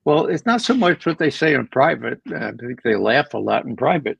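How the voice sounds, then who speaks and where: Male guest analyst, gravelly, emphatic, stumbles and restarts; dry, muffled recording. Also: medium pitch, expressive, brisk, fairly bright tone, dry recording. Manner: emphatic, with frequent repeated words and restarts. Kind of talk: conversational political commentary.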